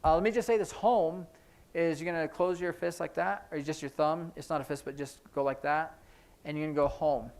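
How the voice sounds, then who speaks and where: A man teaching a sign language class in a church classroom, explaining each sign as he demonstrates it, with hurried asides about the time. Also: on the high side, fairly even intonation, a little mellow. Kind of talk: classroom instruction.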